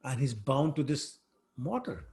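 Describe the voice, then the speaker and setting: A man with a mid-range voice, speaking a little slowly, teaches a scripture class. He tells the story in a lively, conversational way, dropping in frequent fillers.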